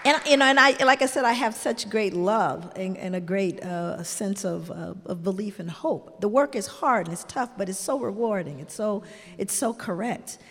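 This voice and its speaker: A woman's voice: mid-range voice, moderate pace, fairly bright tone. An older woman, a grandmother, telling stories in an earnest, heartfelt way, full of "you know" asides. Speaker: guest. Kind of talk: reflective storytelling in conversation. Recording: long hall reverb.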